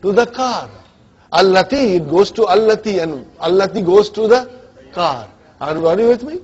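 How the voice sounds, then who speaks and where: Husky high-voiced man teaching grammar. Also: lively intonation, moderate pace, a little mellow. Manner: drills students with questions and checks they follow; mixes English with Arabic grammar terms. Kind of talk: classroom lecture. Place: classroom with students. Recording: dull lo-fi classroom recording.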